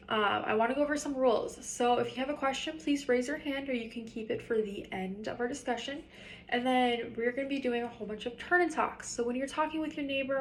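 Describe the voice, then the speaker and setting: A woman's voice: fairly high pitch, slight background noise. A woman teaching a class of fourth graders, reading a story aloud and stopping to ask the children questions. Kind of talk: classroom read-aloud lesson.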